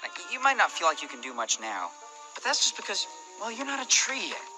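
Brief: animated, coaxing cartoon mentor, patient, music behind. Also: mid-range voice, fast talker, low-quality recording. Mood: reassuring. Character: gentle encouraging cartoon mentor.

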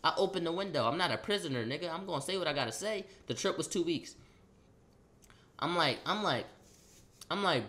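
A young man casually telling a story in slang, acting out the quotes loudly. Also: a little high, expressive, fairly quick. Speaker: vlogger.

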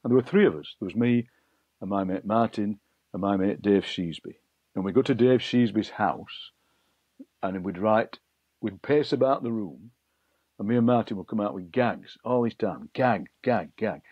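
A middle-aged man with a low, husky voice tells stories in an interview, bright and anecdotal, slipping into the voices of people he overheard. The sound is dull and lo-fi, dry with no room echo. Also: normal speed. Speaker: poet and broadcaster, guest. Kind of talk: interview storytelling.

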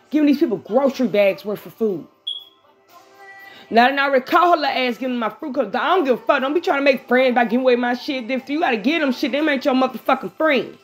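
A vlogger doing a live tarot reading vents to her audience in a casual, blunt, profane way before drifting into the reading. She is animated, talks straight to viewers, and speaks fast in a high voice over soft background music.

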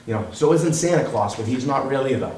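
A male pastor preaching a sermon, animated and quick to act out the voices of other people. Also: medium pitch, reverberant, distant mic, a little hiss or hum, low-quality recording.

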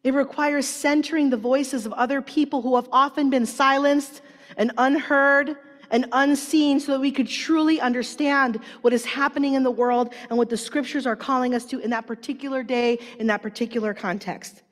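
A woman preacher with a high voice tells stories in a chatty, animated way, full of "like" fillers and quick acted-out quotes. Her voice carries through a large conference hall with a long reverb. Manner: animated storytelling with many "like" fillers, acting out quotes. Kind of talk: sermon.

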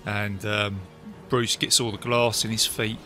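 A man's voice: on the low side, measured pace, soft background music. A man co-hosting a film podcast, chatting casually and rambling through his points with lots of fillers. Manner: rambling, animated, acts out movie quotes. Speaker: podcast co-host. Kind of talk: casual film review chat.

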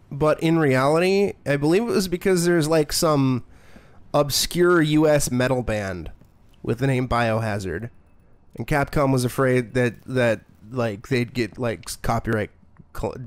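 A man's voice: mid-range voice, unhurried, no echo. A young man streaming a horror game, joking, sarcastic and profane. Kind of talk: profane let's play commentary.

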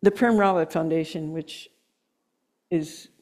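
Earnest woman speaker, low voice. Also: a little mellow. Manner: earnest, emotional, with slow emphatic stretches and laughs. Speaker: guest speaker. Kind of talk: sermon.

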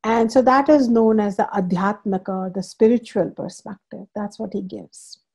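A woman's voice: mid-range voice, steady tone, moderate pace, mellow, slightly rough. A woman spiritual teacher lecturing a scripture class, stressing points by repeating phrases and explaining terms in English as she goes.

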